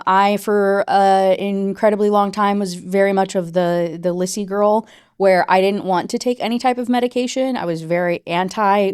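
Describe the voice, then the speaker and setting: A woman's voice: medium pitch, darkish tone, smooth, dry recording. Chatty woman book reviewer, dry sound. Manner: chatty, with many "like" and "you know" fillers. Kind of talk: casual rant review.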